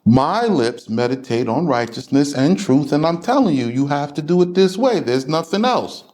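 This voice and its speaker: A man preaches to a religious class, lecturing and confronting his listeners head-on. He speaks slowly and deliberately, and his voice sits a little high for a man. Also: big pitch swings, darkish tone.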